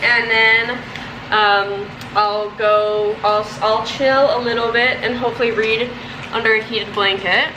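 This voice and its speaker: A young woman in her twenties vlogs casually to camera from her home kitchen and bedroom, rambling and poking fun at herself. Her voice is on the high side, fairly even in intonation and a little slow, with a noisy background.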